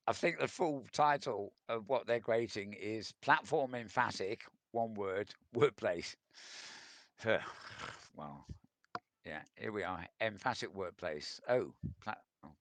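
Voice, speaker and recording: A man hosting a relaxed news roundup, reading out articles and adding wry asides with a chuckle. His voice is lowish but bright and forceful, and it is recorded close and dry with no room sound. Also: dry recording. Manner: chatty, wry asides, frequent ums and chuckles. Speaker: news show host.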